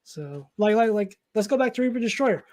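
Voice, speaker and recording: A man's voice: high voice, animated, fairly quick, a little mellow. A man from New Jersey chatting casually on a comics livestream, rambling and self-deprecating, with the odd swear. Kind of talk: casual livestream chat about comic art.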